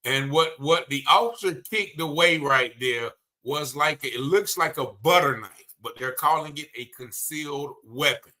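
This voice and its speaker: A man's voice: on the high side, normal speed, hardly any pauses, pushed and bright. A man commenting on a video, emphatic and blunt, repeating his points with indignation.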